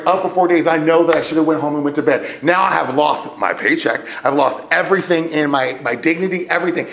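A man telling a personal testimony to a live audience as an animated storyteller. His delivery swings from loud excitement to hushed near-whispers. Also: a little high, vocal fry, slight background noise. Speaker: speaker sharing his recovery story. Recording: echoey room.

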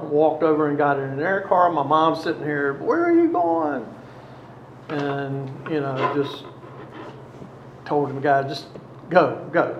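A man telling his own story, slowly and haltingly, with many pauses. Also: on the high side, reverberant, highs cut off, slight background noise. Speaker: storyteller recounting past addiction. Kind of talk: personal testimony.

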